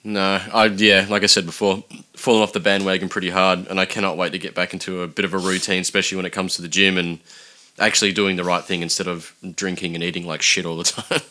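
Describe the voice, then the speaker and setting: A man co-hosting a podcast, chatting in a relaxed way with dry quips. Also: sits low, quick pace. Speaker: podcast co-host. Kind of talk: casual podcast banter.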